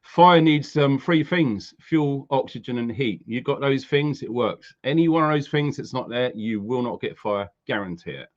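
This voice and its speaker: A man's voice: medium pitch, animated, normal speed, hardly any pauses, muffled recording. A man from the UK, a guest on a casual interview, talking in a friendly, matter-of-fact way with casual slang. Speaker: guest, prepping youtuber.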